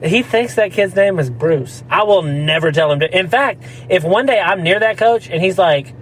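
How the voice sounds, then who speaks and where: A man's voice: high-pitched, lively intonation, moderate pace, fairly bright tone, a little hiss or hum, low-quality recording. A man telling a rambling story in casual chat, laughing often and slipping into mock voices. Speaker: podcast co-host.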